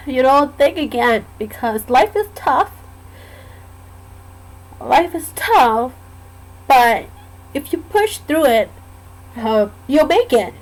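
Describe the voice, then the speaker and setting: A woman telling a personal story in a casual, halting way, with many pauses and fillers. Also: sits high, low-quality recording. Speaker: vlogger sharing a personal story. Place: lives in Georgia, USA.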